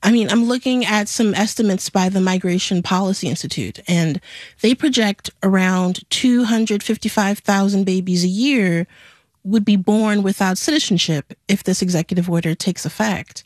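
A woman co-hosting a conversational news podcast, crisp, explanatory and wry, on a studio mic. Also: medium pitch, moderate pace, a little mellow, dry recording. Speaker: podcast co-host.

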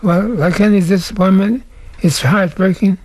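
An older American man giving short, halting interview answers in a soft-spoken way. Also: high-pitched, fairly even intonation, no room sound. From United States. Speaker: interviewee, musician.

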